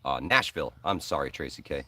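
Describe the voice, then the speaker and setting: A man's voice: rumbling low, fast, sharp tone, no echo, far from the mic. A man from New York's Hudson Valley hosting a live stream, chatting casually and rambling with many ums while answering viewers. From Hudson Valley, New York. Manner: rambling, friendly, many ums and uhs, says man and bro. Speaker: host of a preparedness live stream.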